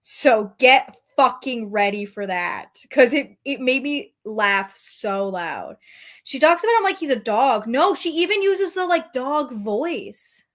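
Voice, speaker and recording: Woman streamer, high voice, casual profane commentary, snarky. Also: sing-song, takes it slowly, a bit bright. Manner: profane, sarcastic, reacts to chat.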